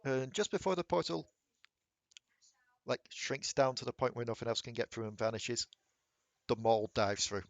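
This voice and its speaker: A man as game master, narrating a tabletop game in steady, descriptive terms. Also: mid-range voice, normal speed, pauses often, no room sound.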